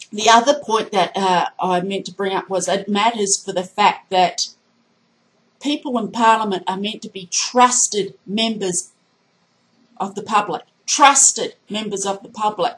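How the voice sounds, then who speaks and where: A woman's voice: medium pitch, measured pace, a bit bright, rough recording. A woman vlogging a heated political rant, indignant and emphatic, hammering her points by repeating them. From Australia.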